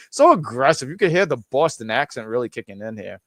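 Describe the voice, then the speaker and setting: A man's voice: medium pitch, sing-song, quick pace, few pauses, no room sound. Enthusiastic man hosting a podcast, dry sound. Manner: enthusiastic, stumbling restarts. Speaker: podcast host. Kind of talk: casual chat.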